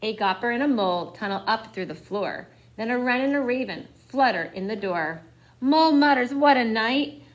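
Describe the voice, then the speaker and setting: A young woman reading a picture book aloud for children, expressive and dropping into whispers. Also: on the high side, moderate pace, lo-fi sound. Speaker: storyteller.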